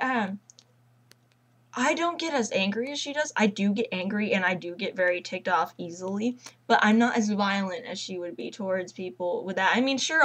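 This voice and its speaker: A woman's voice: medium pitch, poor audio. Rambling teenage girl gushing about fandoms. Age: teens. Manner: rambling, gushing fangirl chatter. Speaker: vlogger. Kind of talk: casual chat.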